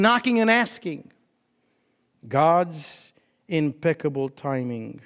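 A man preaching a sermon as pastor, with dramatic pauses and emphatic rises and drops. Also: sits high, long reverb tail.

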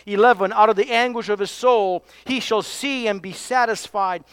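Male preacher, high voice, smooth and clear, emphatic sermon delivery. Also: moderate pace, no echo. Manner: emphatic, drops to hushed tones for key points.

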